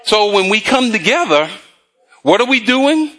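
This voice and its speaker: A male preacher giving a sermon, quizzing the congregation with call-and-response questions and reading scripture slowly. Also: high-pitched, big pitch swings, pushed and bright.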